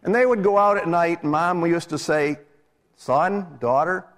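A man's voice: on the high side, a little fast. A middle-aged man, a minister, preaching a live sermon in a church in a conversational way, putting questions to his congregation. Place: church sanctuary. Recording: live church recording with long hall reverb.

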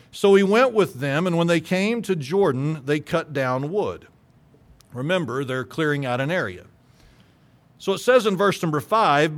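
A man's voice: on the high side, expressive, a little slow, fairly bright tone. A man preaching a sermon, reading scripture aloud and retelling it with emphatic storytelling.

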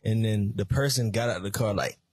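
A man co-hosting a casual faith podcast, relaxed, affirming often and sharing personal stories. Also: on the low side, a little fast, breathy edge, no echo. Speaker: guest co-host.

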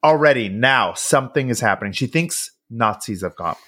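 A man co-hosting a podcast, casually recapping a film in animated bursts and acting out the characters' lines with plenty of swearing. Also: medium pitch, normal speed. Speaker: podcast co-host.

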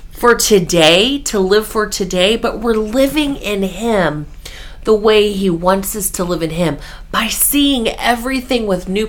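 A woman's voice: fairly high pitch, fairly bright tone. A woman hosting a devotional podcast, delivering an earnest, emphatic faith talk.

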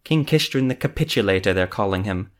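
A man's voice: lowish voice, lively intonation, a little fast, close to an everyday voice. A man voicing a stern, self-serious young nobleman in an audiobook reading. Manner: stern, clipped.

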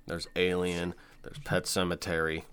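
A man's voice: low-pitched, monotone, a little slow, a bit bright, clean tone. A man co-hosting a casual horror movie podcast, easygoing and often laughing. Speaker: podcast co-host. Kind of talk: casual chat.

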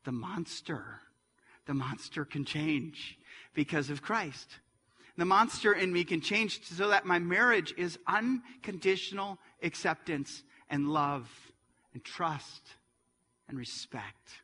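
A middle-aged man preaches in a church, his bright, ringing voice sitting slightly high. It swings between loud, forceful passages and hushed, quiet ones. A long reverb trails every phrase. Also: slow. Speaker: pastor. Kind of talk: sermon.

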